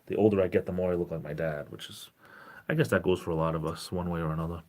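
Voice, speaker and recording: A man in his forties chatting casually on a live stream in a gentle, caring tone, rambling and breaking off mid-sentence as he greets viewers. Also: low-pitched, fairly even intonation, fast talker. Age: 40s. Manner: rambling, self-interrupting, greets chat viewers.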